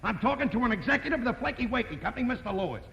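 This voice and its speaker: A man with an American accent playing a loud, blustery working-class guy in an old 1950s TV sitcom. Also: very high-pitched, expressive, racing, gravelly, dull audio, full character voice. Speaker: traveling contest winner. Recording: old TV audio, hissy, reverberant.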